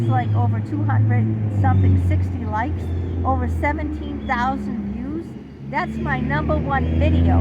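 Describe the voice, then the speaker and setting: A woman's voice: on the high side, highs cut off, heavy background noise. A middle-aged woman talking to camera in a casual, rambling vlog, wandering off topic as she goes. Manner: rambling, chatty, digressive. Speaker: channel host.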